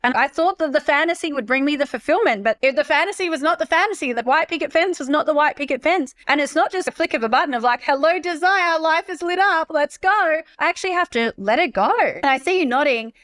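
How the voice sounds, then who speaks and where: A woman hosting a podcast interview in casual, expressive chat, swearing freely and acting out the voices she quotes. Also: sits high, fast, few pauses. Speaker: podcast host.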